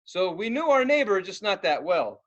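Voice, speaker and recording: Man, young adult, high-pitched, podcast co-host, animated casual storytelling. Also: moderate pace, lo-fi sound. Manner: animated, acts out voices with loud outbursts.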